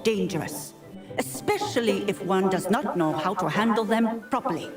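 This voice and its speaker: A woman's voice: mid-range voice, expressive, moderate pace, music in the background, lightly acted. A woman playing a stern, formal magic professor. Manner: formal, cautionary lecturing. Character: stern older female beast-class professor. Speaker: game character, magical creatures professor. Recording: game audio, roomy and distant.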